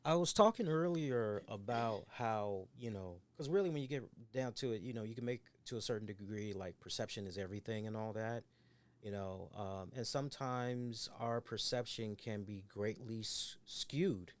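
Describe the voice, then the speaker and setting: A man's voice: on the low side, moderate pace. A man co-hosting a casual podcast chat, rambling and swearing as he acts out the voices of people he quotes. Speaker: co-host.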